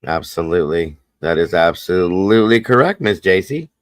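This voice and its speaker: A man's voice: low voice, animated, moderate pace, no room sound. A man with a Southern US accent hosting a casual livestream chat, folksy, repetitive and upbeat. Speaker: host.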